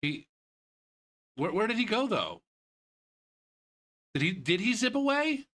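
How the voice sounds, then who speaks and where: Sweary young streamer, bright and lively. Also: male voice, high voice, takes it slowly. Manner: swears a lot, rants about the race; shouts in disbelief at the replay. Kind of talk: casual gaming stream commentary.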